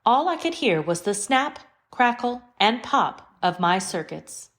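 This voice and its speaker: A woman's voice: mid-range voice, big pitch swings, unhurried, a bit bright. A woman voicing a literal, formal female AI computer in an audio drama, with precise diction and no contractions. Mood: calm.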